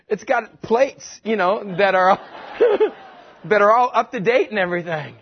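Animated high-voiced male preacher. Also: muffled recording, slight background noise. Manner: animated, acts out characters in quick voices. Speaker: pastor. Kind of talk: sermon with comic retelling.

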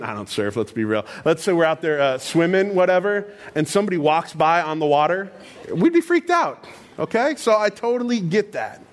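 A man preaching a sermon in a conversational, animated storytelling style with casual asides. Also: fairly high pitch. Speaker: pastor.

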